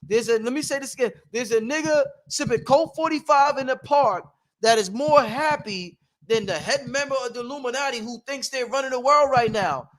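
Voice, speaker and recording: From home, a male livestream host delivers a casual, preachy monologue in an extremely high voice, talking a little fast. He's animated and breaks into laughter frequently.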